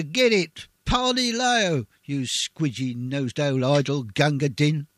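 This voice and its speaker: A man's voice: a little high, no echo. Man reciting a ballad, dry and theatrical. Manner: rhythmic, theatrical, swelling on refrains. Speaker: poetry reader. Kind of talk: dramatic poetry recitation.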